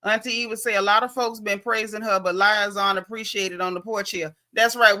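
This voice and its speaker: A woman's voice: mid-range voice, steady tone, fairly quick, few pauses, pushed and bright. A woman with a Southern American accent hosting a casual gossip show, sassy and blunt, talking straight to her viewers. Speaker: host.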